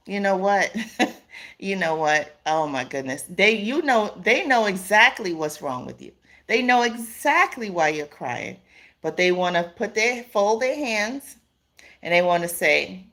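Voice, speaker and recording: A woman with a somewhat low voice hosts a live stream, speaking casually and earnestly to her viewers. She repeats her points for emphasis and greets people in the chat by name, with an occasional rueful laugh. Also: a little slow, fairly bright tone.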